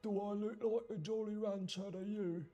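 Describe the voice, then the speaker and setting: A man's voice: high-pitched, fairly even intonation, normal speed, mellow, muffled recording, faint music behind, voice pushed up. A man putting on a theatrical mock-British accent as a cheeky, indignant bloke during a painting stream. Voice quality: exaggerated, sing-song delivery.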